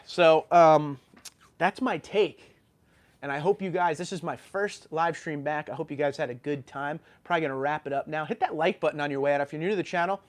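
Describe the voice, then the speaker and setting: A man from New York hosting a livestream, ranting animatedly and reading viewer comments, with a sore throat after being sick. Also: on the high side. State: sore throat, just recovered from illness. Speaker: YouTube channel host.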